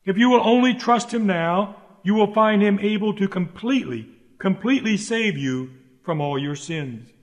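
A man with a high-pitched voice delivers a sermon in an earnest, emphatic manner, returning again and again to direct appeals to his listeners. His voice trails off into a long reverb, as if he were speaking in a large hall. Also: moderate pace, lo-fi sound. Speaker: preacher. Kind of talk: sermon read aloud.

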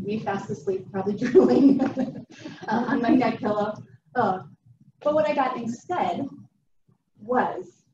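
Chatty woman speaker, distant and roomy. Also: medium pitch. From Wisconsin. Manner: chatty, humorous, keeps checking in with "right?". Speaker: guest speaker. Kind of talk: storytelling presentation. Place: meeting room. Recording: distant, roomy, dull and noisy.

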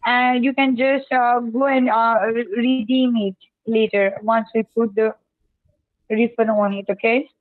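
Woman on a thin phone line, kinda high voice, lots of uh and okay. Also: flat delivery, unhurried, dry recording. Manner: repeats okay, hesitant fillers. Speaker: phone scammer. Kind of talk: phone call. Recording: tinny dry phone line.

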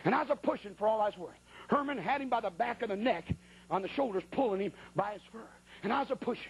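Very high-voiced folksy preacher man. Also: quick pace, creaky, husky. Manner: colloquial, animated, acts out sounds and voices. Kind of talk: folksy storytelling sermon.

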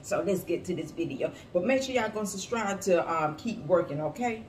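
A woman's voice: fairly low pitch, animated, moderate pace, recorded from a distance. A woman giving blunt, sassy, profane commentary in a casual reaction video. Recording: echoey room with faint hiss.

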